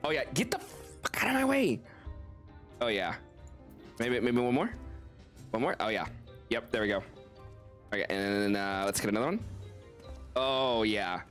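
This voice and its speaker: A male streamer gives loose, playful commentary while he plays, his voice swinging widely up and down as he laughs and jokes. He swears casually as he goes. Soft game music runs underneath. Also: medium pitch, sing-song, normal speed, pauses often.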